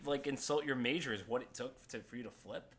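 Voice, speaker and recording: A man's voice: medium pitch, fairly quick, a bit bright. A man co-hosting a podcast in casual chat, making sarcastic, teasing quips. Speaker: podcast co-host.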